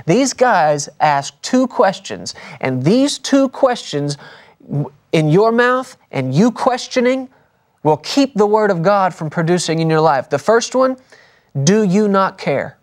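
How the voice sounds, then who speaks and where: A man preaching a broadcast sermon, stressing points by repeating words and dropping his voice soft for key lines. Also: high voice, expressive, unhurried.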